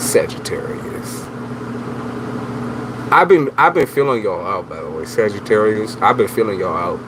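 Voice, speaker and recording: A man's voice: fairly low pitch, fairly quick. A man giving casual tarot readings on a livestream, slangy and teasing, talking straight to his viewers. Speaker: tarot reader, livestream host. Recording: steady background noise.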